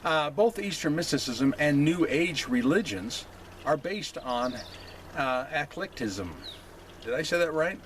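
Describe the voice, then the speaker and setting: A man hosting a casual opinion monologue. He talks haltingly, with many fillers, and keeps checking in with "okay?". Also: on the high side, lively intonation, slight background noise. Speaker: host.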